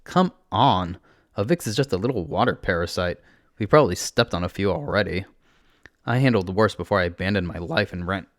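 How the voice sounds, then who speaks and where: A man's voice: low voice, animated, a little fast, dry recording, studio quality. A man voicing a cheerful, carefree young woman who talks bluntly and lightly. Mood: offhand. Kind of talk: audiobook character voice.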